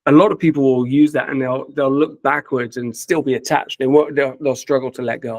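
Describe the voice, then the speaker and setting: Gravelly-voiced male podcast host. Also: mid-range voice, steady tone, a little fast, hardly any pauses, no echo. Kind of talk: interview questions.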